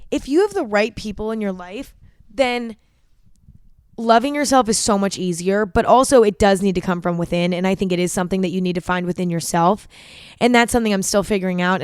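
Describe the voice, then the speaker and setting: A woman's voice: mid-range voice, quick pace, smooth, no echo, clean studio sound. A young woman hosting a podcast, talking frankly and confessionally, swearing freely and saying "like" a lot. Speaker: podcast host. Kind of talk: candid solo podcast monologue.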